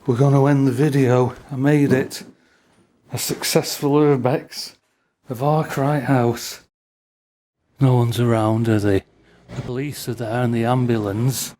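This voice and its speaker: A man's voice: mid-range voice, fairly even intonation, unhurried, dark tone. A man talking to his handheld camera while exploring a derelict building, out of breath and muttering wry asides to himself. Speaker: urban explorer vlogger. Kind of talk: casual running commentary while exploring. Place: derelict building with cellar and broken glass. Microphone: handheld camera mic while holding a torch.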